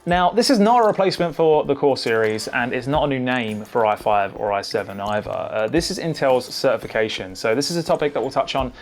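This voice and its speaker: A man giving a relaxed, conversational laptop overview as a tech reviewer, with frequent fillers. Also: medium pitch, brisk, hardly any pauses. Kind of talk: casual product overview.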